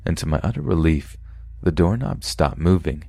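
A man, the host of a podcast, reading a scary true story aloud with steady, measured delivery. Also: sits low, vocal fry. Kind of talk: horror story narration.

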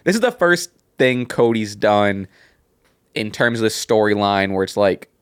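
A man's voice: fairly low pitch, animated, clear, resonant tone, no room sound, clean studio sound. A man co-hosting a podcast who chats casually about wrestling, rambling and restarting his sentences as he goes. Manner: rambling, halting, with many restarts and laughs. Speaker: podcast co-host.

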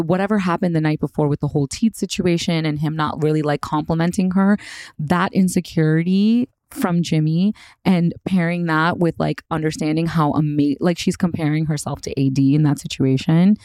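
A woman co-hosts a casual recap podcast, talking with a low, mellow voice. Her delivery is animated, jumping up and down in pitch and full of "like"s. The sound is close and dry. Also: dry recording. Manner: animated, filler-heavy. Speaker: podcast co-host.

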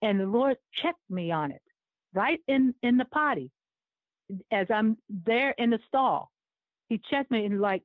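A woman in her seventies recounts a personal story with vivid, emotional storytelling and frequent laughter, her voice at a middle pitch. The sound is tinny and phone-like, with a dry, close feel. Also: expressive, a little slow, no echo. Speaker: former Olympic runner and sports chaplain, interview guest.

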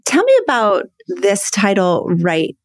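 A woman's voice: medium pitch, very animated, unhurried. A woman hosting a podcast interview, affirming her guests and reading quotes aloud carefully. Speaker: podcast host.

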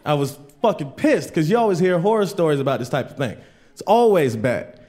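A man with a fairly high voice tells rambling, profane stories in a stand-up set. He talks loosely and casually from a club stage, with an audience laughing behind him. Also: expressive, fairly quick, a little mellow. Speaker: stand-up comedian.

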